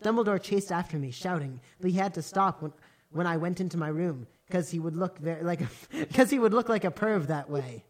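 A woman's voice: lowish voice, expressive, brisk, darkish tone. A woman doing a comedic dramatic reading, often breaking into laughter as she reads. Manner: laughing, breaking up mid-sentence. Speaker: co-host reading aloud.

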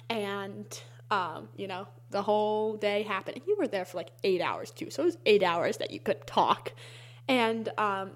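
A young adult woman telling a story in casual chat, with many fillers and frequent laughs. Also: mid-range voice. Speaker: interviewee.

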